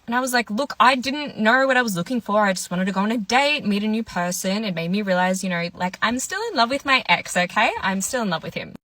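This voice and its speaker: Bright-voiced young woman telling a story. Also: mid-range voice, fast, few pauses, no echo. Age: 20s. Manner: chatty, quotes people in their voices. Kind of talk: casual story time monologue.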